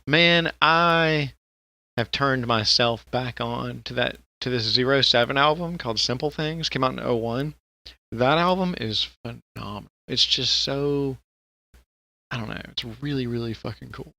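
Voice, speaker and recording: Gravelly, bright-voiced man chatting casually. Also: medium pitch, a little slow, no room sound. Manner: rambling and profane, with frequent laughter. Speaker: podcast co-host. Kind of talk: casual podcast chat.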